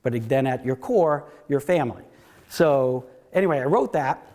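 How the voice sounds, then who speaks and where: A man's voice: medium pitch, animated, normal speed, a little mellow. A man in his fifties giving a casual, rambling storytelling talk at a library event, full of asides and acted-out quotes. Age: 50s. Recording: long hall reverb.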